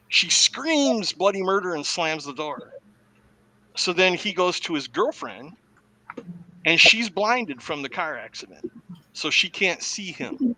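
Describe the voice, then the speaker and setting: A man, a podcast host, casually retelling a movie plot as an animated storyteller. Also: fairly high pitch, dry recording, rough recording. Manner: animated storyteller who acts out the quotes.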